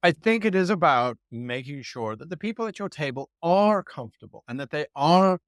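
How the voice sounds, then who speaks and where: A man answering as a guest game master, telling stories in a lively way and acting out quoted remarks. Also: on the high side, normal speed, dry recording, clean studio sound. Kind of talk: conversational interview answer.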